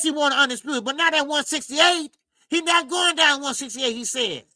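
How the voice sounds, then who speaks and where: Fired-up high gravelly man ranting. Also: pushed and bright, dry recording. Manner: emphatic, repetitive, slangy, calls listeners "baby". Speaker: boxing channel host. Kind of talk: animated boxing commentary rant.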